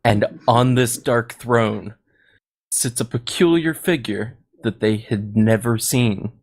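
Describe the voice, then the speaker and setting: A man narrating a comedic tabletop story as game master, halting and laughing at his own jokes. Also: medium pitch.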